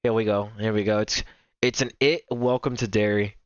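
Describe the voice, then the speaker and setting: A man's voice: lowish voice, fairly even intonation, normal speed, clean tone, no echo. A young man hosting a reaction video, rambling casually, repeating himself and filling gaps with "like" and "bro". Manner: rambling, repeats himself, heavy filler words. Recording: dry, slightly dull home mic.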